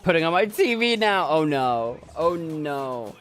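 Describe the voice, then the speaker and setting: A man's voice: a little high, big pitch swings, unhurried, a bit bright, soft background music. A young man streaming from his desk at home, chatting casually in a rambling, self-doubting way and repeating himself. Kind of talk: casual live-stream chat.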